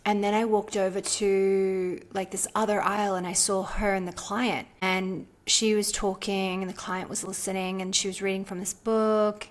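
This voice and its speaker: Appearing as a podcast guest, a woman with a mid-range voice and moderate pace tells a personal story. She's chatty and casual, animatedly recounting what happened while sprinkling "like" throughout her sentences.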